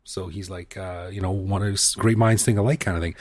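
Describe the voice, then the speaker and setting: A man's voice: deep voice, fairly quick, no echo, clean studio sound. A man co-hosting a podcast in a casual, jokey chat. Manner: jokey, animated. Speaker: podcast co-host. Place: living in Bangkok.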